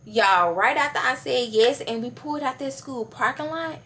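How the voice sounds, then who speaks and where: A woman's voice: high-pitched, moderate pace, fairly bright tone, slight background noise. A young woman vlogger telling a casual storytime, chatty and slangy, talking straight to her viewers with many fillers.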